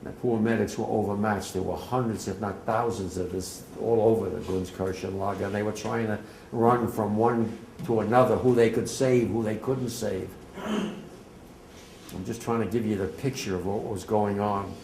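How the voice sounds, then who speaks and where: An elderly man from New Jersey recounts what he witnessed with raw intensity, his low voice breaking off and then surging toward a shout. He speaks in a roomy hall with a faint hiss behind him. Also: vocal fry. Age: 80s. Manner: intense, halting, voice swelling to near shouting. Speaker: war veteran speaker. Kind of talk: emotional eyewitness testimony to an audience.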